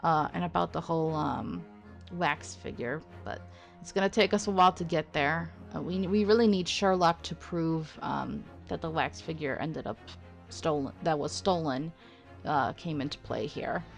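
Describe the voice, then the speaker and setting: A woman hosting a game let's play, chatting through it in an animated, playful way, with frequent laughter and rambling asides. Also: low voice, normal speed, gravelly, faint music behind. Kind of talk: game commentary.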